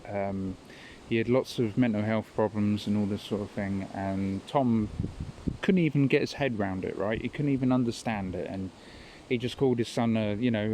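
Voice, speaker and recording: A man's voice: on the low side, moderate pace, dark tone, a little hiss or hum, poor audio. A man hosting a podcast, telling stories in a rambling, casual monologue and chuckling at his own tales. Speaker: podcast host.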